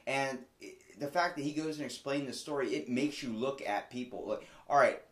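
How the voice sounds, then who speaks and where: A man's voice: mid-range voice, normal speed, a bit bright, roomy sound. A man hosting a casual podcast chat, talking bluntly and getting riled up, with plenty of swearing. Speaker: podcast host.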